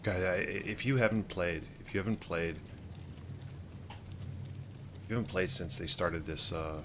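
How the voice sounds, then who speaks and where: A man's voice: low voice, unhurried, background noise. A man streaming a shooter game, chatting casually and rambling as he reacts to the play. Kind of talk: casual gameplay commentary.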